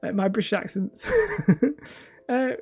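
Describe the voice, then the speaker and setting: A woman's voice: mid-range voice, a little slow, gravelly, a little mellow, slightly rough. A woman hosting a casual livestream, reading viewer comments in a rambling, self-deprecating way and laughing often. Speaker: livestream host.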